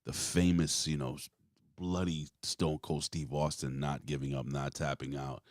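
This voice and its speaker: Very deep-voiced man rambling about wrestling. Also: normal speed, no room sound, studio quality. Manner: rambling, swears freely, animated storytelling. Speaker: podcast host. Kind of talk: casual wrestling chat.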